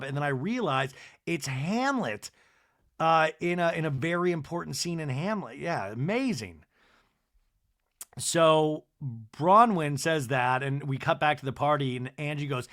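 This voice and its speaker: A man's voice: fairly high pitch, normal speed. A man hosting a comedy podcast, recapping a reality show and acting out the cast's lines in raised, mocking voices. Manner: animated, mimics cast members in raised voices. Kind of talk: comic recap with acted-out quotes.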